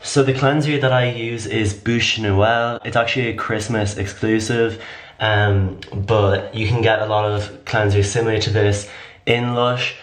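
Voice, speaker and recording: A man with a slightly raspy voice chatting through a casual skincare tutorial, rambling and full of fillers. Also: on the low side, fairly even intonation, a little slow. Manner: rambling, filler-heavy, upbeat. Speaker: beauty vlogger. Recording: echoey room.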